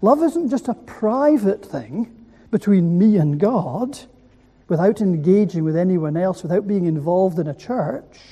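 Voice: mid-range voice, mellow, slightly rough. A preacher giving a sermon who asks the listeners rhetorical questions and repeats key words for weight. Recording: echoey hall.

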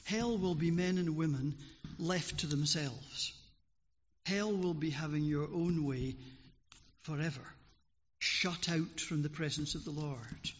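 A man preaching a sermon in a church, earnest and pleading, with slow, deliberate phrasing, on a dull recording in an echoing hall. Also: on the high side.

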